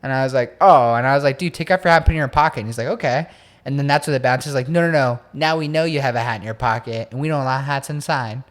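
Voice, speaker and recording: Animated young man telling a story. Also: medium pitch, quick pace. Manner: animated storyteller who acts out friends' voices. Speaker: podcast co-host. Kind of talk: casual chat.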